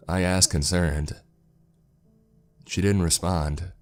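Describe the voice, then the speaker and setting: A man narrating a first-person horror story in a slow, somber, scripted way. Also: low-pitched. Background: faint background music.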